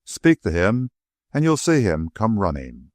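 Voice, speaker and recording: A man's voice: on the low side, wildly swooping pitch, unhurried, no echo, clean studio sound. A man voicing a suspicious male gambler who speaks in wry, clipped quips.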